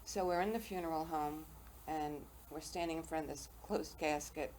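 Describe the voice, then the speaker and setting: A woman's voice: deep voice, fairly even intonation, moderate pace, darkish tone, poor audio. An older woman hosting a local TV interview show, telling personal stories with self-deprecating humor. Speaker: talk show host. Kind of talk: casual interview chat. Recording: faint noise, local TV studio.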